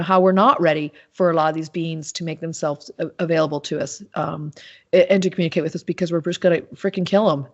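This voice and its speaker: A woman with a somewhat low voice talks as a podcast guest, rambling through lively anecdotes with plenty of restarts and fillers. The recording sounds muffled and lo-fi. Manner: animated storytelling with many restarts and fillers. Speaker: podcast guest, animal communicator. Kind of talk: casual interview talk. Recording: dull lo-fi sound.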